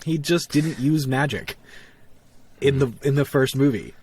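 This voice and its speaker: A man co-hosting a podcast in casual chat, nerdy and animated, often acting out quotes in funny voices. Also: medium pitch, unhurried, husky. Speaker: podcast co-host.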